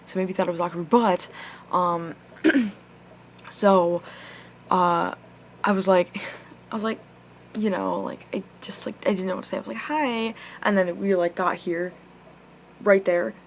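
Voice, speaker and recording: A woman's voice: on the low side, steady tone, measured pace, long pauses, slight background noise. A young woman telling a personal story to her camera, rambling with lots of swearing and filler words. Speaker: vlogger. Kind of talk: casual storytime monologue.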